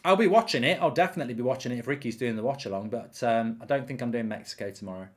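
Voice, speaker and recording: A man's voice: medium pitch, rapid-fire. A man hosting a live football watchalong, chatting casually, reading out viewer comments and rambling with repeated words.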